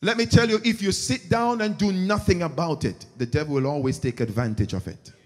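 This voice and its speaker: A brisk, slightly high male voice preaches from the pulpit of a church sanctuary. As pastor, he tells animated stories and acts out the people in them, and the room adds a long reverb.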